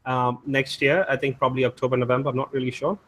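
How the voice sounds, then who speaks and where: A man's voice: medium pitch, level tone, fast talker, a bit bright. A man from India talking bluntly and profanely in casual chat.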